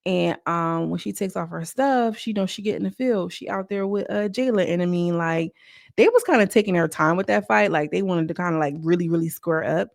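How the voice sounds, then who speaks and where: A woman recapping a reality show in casual, slangy commentary, breaking into quick mocking impressions of the cast. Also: fairly low pitch, vocal fry, dry recording, studio quality. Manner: chatty, slangy, quotes cast members in mocking voices.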